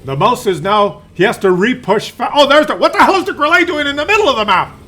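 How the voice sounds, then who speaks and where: A man's voice: extremely high pitch, big pitch swings, quick pace, sharp tone. A man giving casual, playful commentary on a tank game replay, rambling and teasing as he goes.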